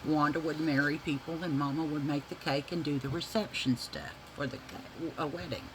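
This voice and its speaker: A woman's voice: low voice, fairly even intonation, moderate pace, noisy background. A woman casually telling a family story to her viewers, swearing freely and laughing as she goes. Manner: chatty, folksy, addresses viewers as y'all.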